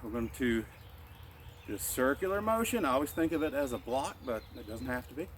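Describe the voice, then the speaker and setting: A male martial arts instructor leading a qigong class, calmly cueing each breath in and out and explaining the moves in a relaxed way. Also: medium pitch, fairly quick, a little hiss or hum.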